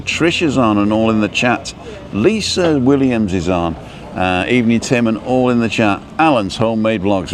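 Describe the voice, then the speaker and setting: A man hosting a casual live stream outdoors, rambling as he reads out viewer comments and adjusts his stream settings. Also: medium pitch. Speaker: livestream host. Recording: noisy outdoor street background.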